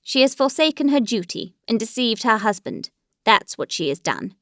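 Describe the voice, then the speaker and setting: A woman reading the part of a stiff, wounded aristocratic husband who speaks in measured, formal, bitter tones. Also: fairly high pitch, big pitch swings, fairly bright tone, no echo, clean studio sound. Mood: cold.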